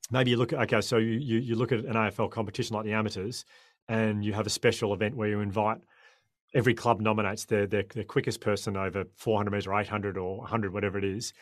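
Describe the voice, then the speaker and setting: A man's voice: on the low side, no room sound, studio quality. An Australian man in his forties, a podcast guest talking with passion and frequent restarts. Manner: impassioned, rambling with frequent restarts. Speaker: guest, former cricketer turned sprinter. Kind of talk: podcast conversation.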